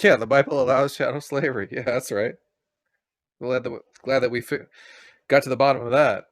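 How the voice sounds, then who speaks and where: A man's voice: medium pitch, steady tone, brisk, dry recording. Male debate host, mid-range voice, blunt and fed up, dry close mic. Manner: blunt and exasperated, swears. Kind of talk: heated call-in debate.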